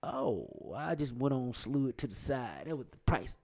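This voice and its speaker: Animated man telling sports stories. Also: medium pitch, moderate pace. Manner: animated storyteller, acts out quoted voices, laughs often. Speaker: sports talk co-host. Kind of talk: casual sports talk with storytelling.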